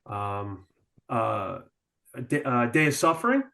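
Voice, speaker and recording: A man's voice: medium pitch, expressive, slow pace, gravelly, pushed and bright. A man from Long Island, a podcast guest, chatting enthusiastically with hesitant fillers. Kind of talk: casual chat.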